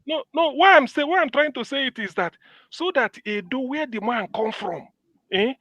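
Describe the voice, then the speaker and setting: A man's voice: very high voice, lively intonation, normal speed, bright, forceful tone, no echo. A man from Anambra with a Nigerian accent, debating politics in an emphatic way and repeating himself to drive his points home. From Nigeria, Anambra State. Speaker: political commentator. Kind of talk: casual political debate in Nigerian Pidgin and English.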